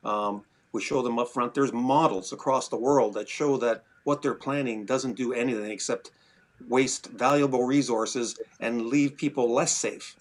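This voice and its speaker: A man's voice: mid-range voice, fairly even intonation, unhurried. A man from Canada on a firearms advocacy panel, recounting events in a rambling, exasperated way with many fillers and restarts. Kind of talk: casual panel discussion.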